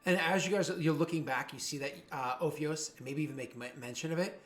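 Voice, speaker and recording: Male game master, slightly higher voice, rambling casual narration, drops into raised jeering voices for thugs. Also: brisk, fairly bright tone. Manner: rambling, many fillers and restarts.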